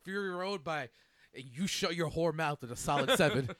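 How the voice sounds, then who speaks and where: A man hosts a loose conversation about movies with friends, enthusiastic and laughing often. His voice is bright and sits a little high. The sound is close and dry. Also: normal speed, no room sound. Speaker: podcast host. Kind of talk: casual chat.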